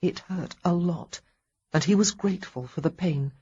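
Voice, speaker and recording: A woman narrating a historical romance audiobook in a calm, even storytelling manner. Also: lowish voice, moderate pace, breathy edge, dull audio. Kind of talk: scripted narration.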